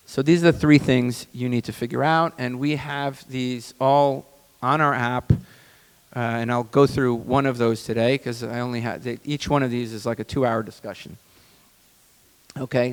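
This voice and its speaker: A man, a doctor, giving a conference seminar on stage, animated and asking the audience questions. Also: medium pitch, big-room sound, rough recording. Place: large conference hall, on stage.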